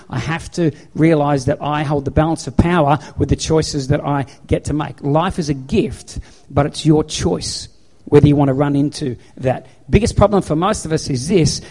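A man's voice: on the high side, mellow. Man preaching an emphatic sermon. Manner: emphatic, repetitive, exhorting. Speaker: pastor. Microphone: handheld microphone.

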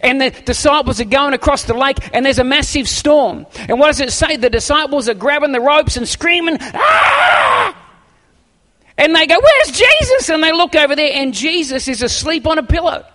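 High-voiced preaching man, hall echo. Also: brisk, few pauses. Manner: animated preaching with acted-out quotes and stammered restarts. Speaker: pastor. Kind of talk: sermon. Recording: long hall reverb.

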